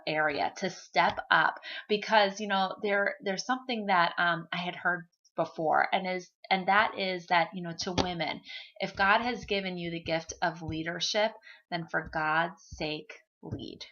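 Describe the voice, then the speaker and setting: A woman's voice: lowish voice, measured pace, fairly bright tone, slight background noise. A woman from the United States giving an upbeat, chatty motivational talk to her sales team, emphatic and full of fillers. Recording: dull lo-fi recording.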